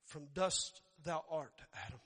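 A man voicing a solemn divine father who slowly intones a stern warning. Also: on the high side, fairly bright tone. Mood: grave. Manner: slow, intoning.

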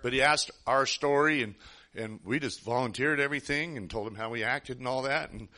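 A man's voice: mid-range voice, fairly quick, pushed and bright. A man preaching a sermon, telling a personal story in an earnest, rambling way with frequent restarts.

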